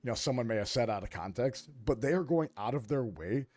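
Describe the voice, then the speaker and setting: Male co-host, righteous lecturing rant, animated intonation. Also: mid-range voice, fast talker. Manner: indignant, emphatic, lecturing. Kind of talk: heated reaction commentary.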